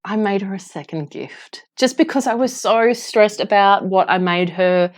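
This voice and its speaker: A woman's voice: medium pitch, moderate pace. A woman with an Australian accent, narrating her craft vlog in a gushing, effusive way as the channel's host. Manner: gushing, effusive and warm-hearted.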